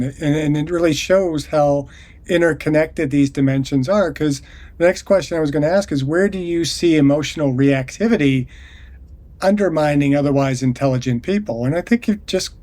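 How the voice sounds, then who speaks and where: A man's voice: on the high side, moderate pace, a little mellow. A man hosting an interview podcast, asking questions in a thoughtful way, often hedging with filler phrases. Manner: thoughtful, hedging with "you know". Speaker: podcast host.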